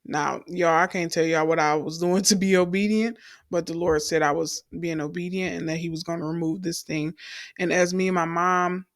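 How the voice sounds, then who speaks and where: A woman's voice: lowish voice, fairly even intonation, normal speed, no room sound, clean studio sound. A young adult woman, telling her personal faith testimony in an earnest storytelling way and calling the listeners y'all. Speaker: testimony speaker.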